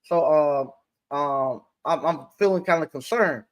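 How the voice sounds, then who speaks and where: The owner of an appliance repair business, a man with a somewhat high voice, tells stories during a casual interview. His delivery halts and rambles, full of false starts.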